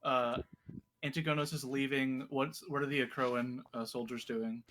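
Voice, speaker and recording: A man player in a tabletop game who talks hesitantly, with many pauses and fillers. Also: mid-range voice, flat delivery, a bit bright, a little hiss or hum. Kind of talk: tabletop role-play.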